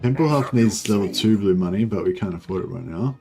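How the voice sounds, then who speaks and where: A man's voice: fairly low pitch, fairly quick, vocal fry, over music. A young Australian man giving rambling, laid-back commentary while streaming a strategy game, full of fillers. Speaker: gaming streamer. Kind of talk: casual livestream commentary.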